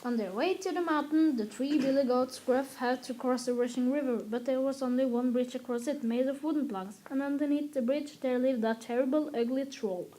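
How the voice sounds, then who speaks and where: A woman's voice: high-pitched, a little fast, few pauses, mellow. A woman with a Norwegian accent, her first language Norwegian, reading a fairy tale aloud carefully, with slips and restarts.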